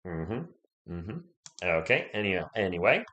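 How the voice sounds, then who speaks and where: A man's voice: sits low, big pitch swings, a little slow, bright, forceful tone, lo-fi sound. A man hosting a sports livestream, chatting casually, rambling and greeting viewers by name, his voice still recovering from being sick. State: voice recovering from illness.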